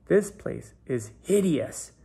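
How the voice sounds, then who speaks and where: A man's voice: high-pitched, expressive, slow, warm tone, slightly rough, voice pushed up, full character voice. A man doing a snooty spoiled show pony. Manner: sneering, bragging.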